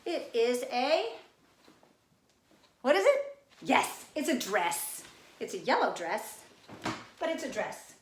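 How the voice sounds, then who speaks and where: A woman leads a spelling lesson for children, her voice sitting a little high as she builds little guessing games around everyday objects. The room around her is echoey. She talks in a patient, playful way. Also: big pitch swings, slow, pauses often, slight background noise. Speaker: teacher.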